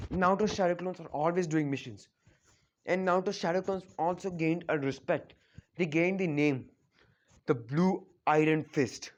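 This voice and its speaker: A man casually retelling a fan story, rambling with lots of restarts and filler words. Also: fairly high pitch. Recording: dull lo-fi recording.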